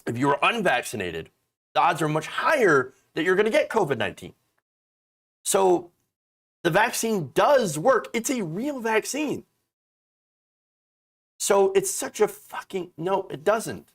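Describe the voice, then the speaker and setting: A man's voice: sits high, sing-song, unhurried, pauses often, a bit bright. A man hosting a political commentary show, ranting in a profane, exasperated and mocking way.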